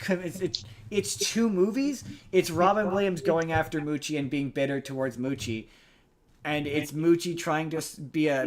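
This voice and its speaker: A man hosting a podcast, casually recapping a movie plot with a rambling delivery and frequent restarts. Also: a little high. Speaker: podcast host.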